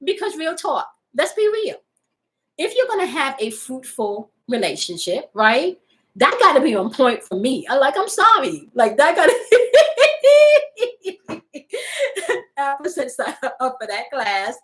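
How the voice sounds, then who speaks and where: A woman's voice: high voice, big pitch swings, normal speed, bright, forceful tone, poor audio. Woman in her 40s, casual spiritual live-stream host, frank, playful, laughs often. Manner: frank, playful, laughs often, addresses viewers as y'all and honey.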